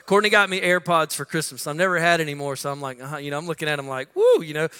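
A man's voice: a little high, fairly even intonation, rapid-fire, bright, forceful tone, smooth, in a large hall. A middle-aged man preaching a conversational sermon as pastor, often saying "listen" and acting out quotes. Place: church sanctuary.

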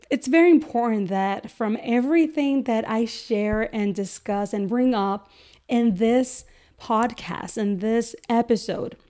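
Woman podcast host with a slightly high voice, earnest teaching manner, acts out examples. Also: dark tone. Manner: earnest, repeats words for emphasis, acts out quoted examples. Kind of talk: educational podcast talk.

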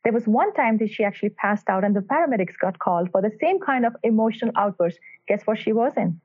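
A woman's voice: medium pitch, animated, fast talker. A woman cardiologist answering podcast interview questions in an earnest, emphatic way, telling stories about her patients. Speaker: cardiac electrophysiologist guest. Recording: tinny phone-line sound.

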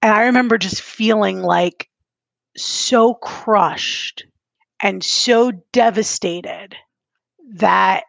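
A podcast co-host with a mid-range voice and vocal fry speaks extremely slowly, and the recording has no room sound. In casual chat she rambles and tells stories candidly, laughing at times and coming close to tears as she recounts them emotionally.

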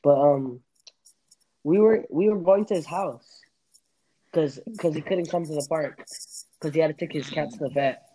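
A man's voice: on the high side, moderate pace, long pauses, dark tone, low-quality recording. A young man hosting a casual podcast chat, rambling and laughing with many restarts. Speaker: podcast host.

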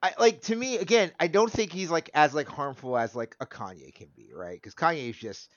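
A man's voice: fairly high pitch, brisk, dry recording, highs cut off. A man in his thirties in casual chat, rambling and laughing often. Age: 30s.

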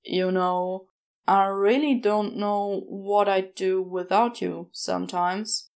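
A woman's voice: medium pitch, fairly even intonation, slow pace, darkish tone, smooth, voice pushed down. A woman voicing a wry, sulky male demon in a podfic reading. He talks in a self-mocking, hesitant way.

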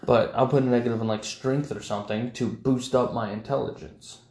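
Blunt, enthusiastic man, gravelly mid-pitched voice, casual gaming talk in a roomy space. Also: steady tone, brisk, darkish tone. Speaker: tabletop gaming podcast co-host. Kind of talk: casual banter about tabletop games. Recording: echoey room.

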